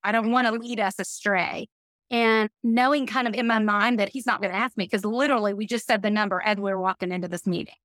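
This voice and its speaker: A middle-aged woman tells a personal story as a podcast guest, earnest and full of feeling. Her voice sits at a medium pitch and is recorded close and dry, with no room echo. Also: fairly even intonation, a bit bright. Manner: earnest, emotional storytelling with quick laughs. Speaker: podcast guest, business leader.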